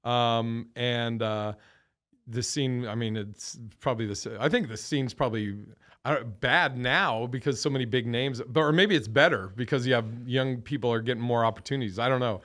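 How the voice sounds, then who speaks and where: A man's voice: mid-range voice, moderate pace, fairly bright tone. A man in his thirties, a comedian guest telling stories in a loose, rambling way, swearing often and correcting himself mid-sentence. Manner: rambling, profane, self-correcting. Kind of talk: casual storytelling.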